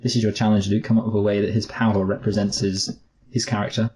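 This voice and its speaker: A podcast co-host talks fast in a fairly low, level, warm voice, with a little hiss or hum behind him. He rambles wryly through a casual film review chat, restarting his sentences often.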